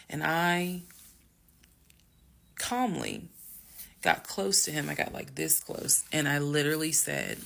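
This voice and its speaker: Animated gravelly woman telling a story. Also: sits low, unhurried, long pauses. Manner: dramatic, animated storytelling with acted quotes. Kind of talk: storytime vlog.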